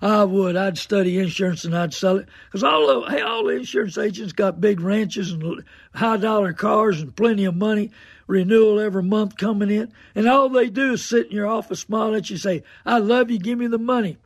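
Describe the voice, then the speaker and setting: A man's voice: sits high, fairly quick, no room sound, clean studio sound. An older man, talking as a radio host in a folksy, preachy monologue that repeats phrases for emphasis. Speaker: radio host and car dealer.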